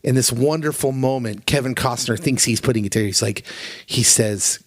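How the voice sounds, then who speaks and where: A man co-hosting a podcast in casual chat, retelling movie scenes with animated, emotional delivery. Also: mid-range voice, a little fast, dry recording, studio quality. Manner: animated, emotional, acts out quotes in raised voice. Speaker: podcast co-host.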